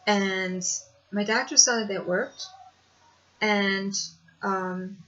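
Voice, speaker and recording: Woman vlogger, mid pitch, rambling personal storytelling, muffled lo-fi sound. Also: fairly even intonation, very slow, a bit bright. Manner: rambling, conversational, with hesitations. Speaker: video blogger. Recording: dull lo-fi home recording.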